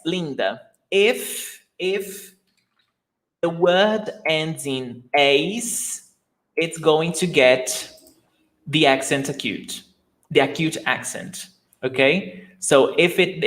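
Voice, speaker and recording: Slow, patient teacher. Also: male voice, a little high, fairly bright tone, rough recording. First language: Portuguese. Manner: patient, repeats words slowly, asks students questions. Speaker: Portuguese teacher. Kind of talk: live online lesson.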